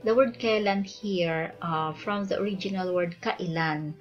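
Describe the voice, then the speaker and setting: A woman's voice: mid-range voice, moderate pace. A woman explaining grammar as a language teacher, patient and checking in with frequent "okay". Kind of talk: explaining grammar over slides. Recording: slightly dull lo-fi audio with faint background music.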